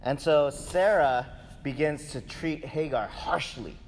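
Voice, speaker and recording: A man's voice: fairly high pitch, takes it slowly. A man giving a sermon in a casual, conversational way, often tagging sentences with "right?". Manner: conversational, keeps asking "right?". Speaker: pastor. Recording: echoey hall, faint ambience.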